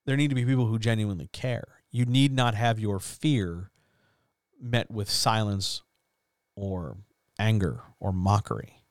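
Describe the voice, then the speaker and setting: A man's voice: on the low side, expressive, measured pace, dry recording. Earnest man urging writers on, dry sound. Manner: earnest, swearing, repeats phrases, swings from loud to quiet. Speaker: host of a writers chat. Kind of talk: impassioned motivational monologue.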